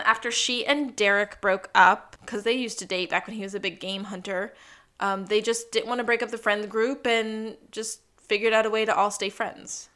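A woman co-hosting a casual podcast recap of a TV episode, acting out the characters' lines in quick animated bursts. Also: on the high side. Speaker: podcast co-host.

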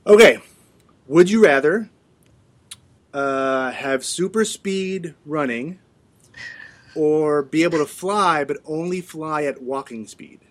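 Middle-aged male co-host, slightly high voice, playful and chatty, laughs easily. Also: takes it slowly, long pauses. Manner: playful, reads out questions, laughs often. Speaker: podcast co-host. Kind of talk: casual chat.

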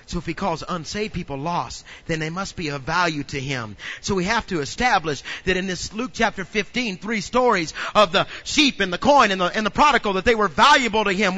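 A man pastor preaching a sermon, telling funny stories and building up to loud preaching. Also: high voice, fairly quick, hardly any pauses. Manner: humorous storytelling, acts out little scenes.

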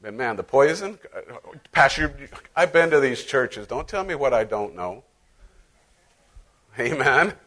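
A man's voice: mid-range voice, sing-song, measured pace, pauses often, sharp tone. A middle-aged male pastor preaching a sermon in a conversational, playful way, acting out little voices as he goes.

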